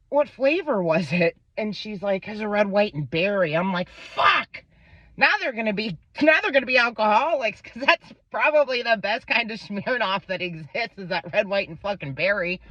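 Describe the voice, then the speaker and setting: In a mid-range voice, a woman in her thirties from Pennsylvania spins a profane, animated tale about her kid and imitates the people involved. The lo-fi recording is dull and dry.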